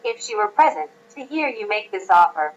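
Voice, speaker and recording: A woman reading the part of a wise young woman disguised as a lawyer in an audiobook, calm and measured. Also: mid-range voice, muffled recording, faint music behind, close to an everyday voice.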